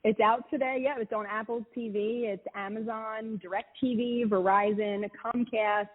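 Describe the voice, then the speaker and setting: A woman's voice: a little high, steady tone, unhurried. A woman guest, an actress, chatting casually and telling stories with lots of "like" fillers. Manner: chatty storytelling, many "like" fillers. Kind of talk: casual chat. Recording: phone-like audio.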